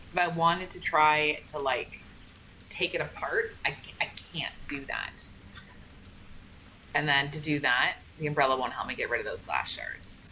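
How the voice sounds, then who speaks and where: A woman's voice: deep voice, measured pace, sharp tone, a little hiss or hum, poor audio. A woman streaming a game with casual commentary, frustrated and swearing, with many "like" fillers. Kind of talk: casual let's-play commentary.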